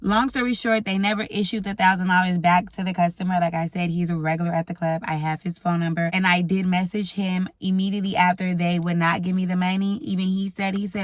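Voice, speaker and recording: Young woman vlogger, blunt and frank, storytime vent, dry close sound, medium pitch. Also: fairly even intonation, brisk, no room sound. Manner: blunt and profane, frank venting. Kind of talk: storytime vlog. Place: indoors at home, ring light.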